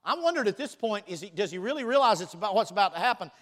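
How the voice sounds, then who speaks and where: A man preaching a sermon, reading scripture aloud and swinging between loud bursts and quiet, teasing asides. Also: high-pitched, sing-song, rapid-fire.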